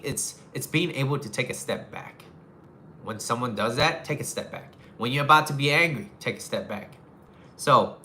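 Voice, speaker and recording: Frank bright-voiced man giving advice. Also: medium pitch, a little hiss or hum. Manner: frank, swears casually, repeats phrases. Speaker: relationship advice streamer. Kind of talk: casual advice chat to a live audience.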